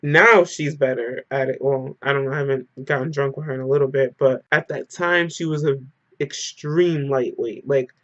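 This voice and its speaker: A young man telling a personal story to camera in a casual, animated, emotional way, with lots of "like". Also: medium pitch, normal speed, hardly any pauses. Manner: animated, emotional retelling full of "like". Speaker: storyteller vlogger. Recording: muffled lo-fi audio.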